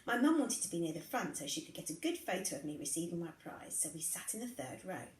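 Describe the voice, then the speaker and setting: A woman reading a first-person story aloud in an expressive, conversational way. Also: on the low side, fast talker, echoey room, poor audio. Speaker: reader.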